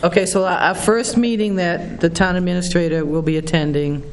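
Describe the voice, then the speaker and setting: A man's voice: high-pitched, steady tone, brisk. A man chairing a town board meeting, speaking hesitantly with many fillers and restarts. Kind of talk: meeting discussion. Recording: faint background noise, public meeting room.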